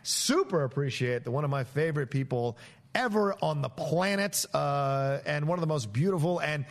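A man's voice: on the high side, lively intonation, moderate pace. Jokey, effusive male podcast host. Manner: effusive and jokey, heaps on praise. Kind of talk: casual podcast chat.

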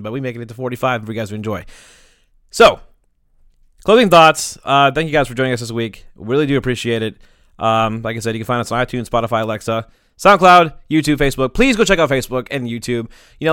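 Rambling, crude young man with a crisp voice. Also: mid-range voice, fairly bright tone, no echo, studio quality. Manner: rambling, crude, joking, many fillers. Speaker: podcast producer closing the show. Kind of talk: casual podcast chat.

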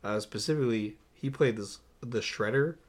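A young man co-hosting a casual movie podcast, going through his notes with lots of "uh"s, laughing often and getting animated. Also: medium pitch, moderate pace. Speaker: podcast co-host. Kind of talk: casual movie-review chat.

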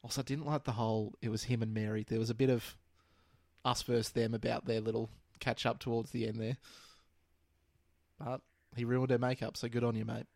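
A man's voice: medium pitch, little pitch movement, brisk, vocal fry, darkish tone, dry recording. Blunt Australian man chatting casually. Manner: blunt, joking, swears casually. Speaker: podcast co-host. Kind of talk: casual chat.

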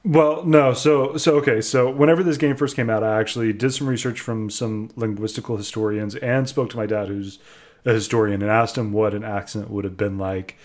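Opinionated young man with a low voice. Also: fairly even intonation, fairly quick, darkish tone. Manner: opinionated, explains at length with restarts. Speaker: co-host reviewing a video game. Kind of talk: casual chat.

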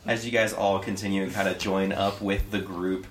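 A man's voice: low voice, level tone, normal speed, background noise. A man narrating as game master in a loose, casual way with many fillers. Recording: echoey room from far off.

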